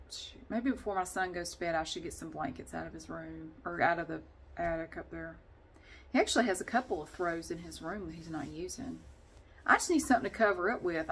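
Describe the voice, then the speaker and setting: A woman's voice: fairly low pitch, fairly bright tone, a little hiss or hum. A woman vlogger chatting casually and rambling, often laughing as she talks. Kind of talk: casual vlog chat.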